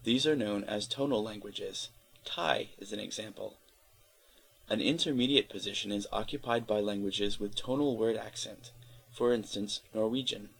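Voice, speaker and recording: A man reading an encyclopedia article aloud in a steady, careful way, spelling out letters where needed. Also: fairly low pitch, creaky, slightly rough, rough recording. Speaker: volunteer reader of an encyclopedia article. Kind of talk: read-aloud article narration.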